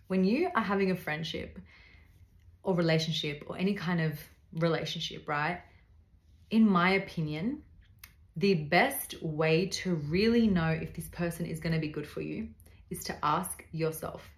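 A podcast host with a lowish, reverberant voice gives casual faith-based advice. She's earnest and direct, speaking straight to the listener.

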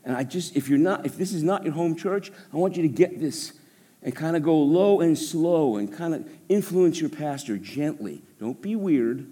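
A male pastor preaching a sermon to a congregation, animated, with joking asides. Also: on the high side, moderate pace. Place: church service.

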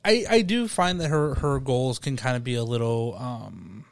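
Animated man in casual podcast chat. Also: mid-range voice, normal speed, gravelly, dry recording, studio quality. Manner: animated, repeats words when thinking. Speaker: podcast host.

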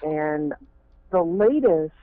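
A man's voice: a little high, expressive, very slow. A man, a fan film director, talking in a rambling way with many fillers and restarts. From Maine. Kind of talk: casual interview talk. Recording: muffled phone line.

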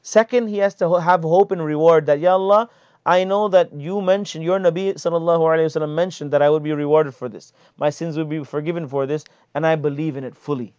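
Male teacher, casual and animated, slightly high voice, dry muffled recording. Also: fast talker, no room sound. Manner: casual, animated, acts out complaints. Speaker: teacher explaining hadith. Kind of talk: conversational religious lesson. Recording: dull lo-fi sound.

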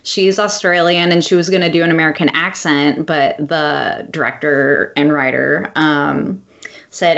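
A woman's voice: sits low, fairly even intonation, unhurried, vocal fry, a bit bright, muffled recording. A woman co-hosting a podcast in casual chat, talking with lots of ums and frequent laughs. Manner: chatty, laughs often, many ums. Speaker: podcast co-host.

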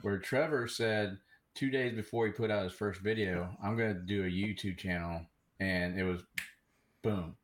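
A man in casual live-stream chat, talking haltingly with many restarts about his cruise vlogs. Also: lowish voice, fairly even intonation, slight background noise. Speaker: cruise vlogger.

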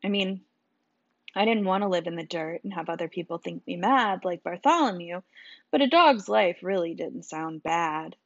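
Audiobook narrator: low woman, wry delivery, dull dry studio sound. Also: animated, normal speed, dry recording. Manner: wry, dry first-person telling. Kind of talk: storybook narration.

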